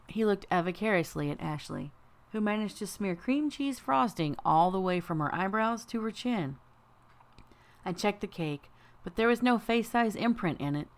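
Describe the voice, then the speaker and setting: A woman's voice: on the low side, vocal fry. Dry-voiced woman narrating an audiobook. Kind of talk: first-person fantasy audiobook narration.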